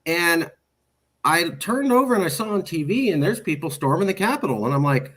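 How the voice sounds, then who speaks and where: A man's voice: fairly high pitch, brisk. Man telling stories in casual interview. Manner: storytelling, animated with quoted voices. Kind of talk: casual conversation.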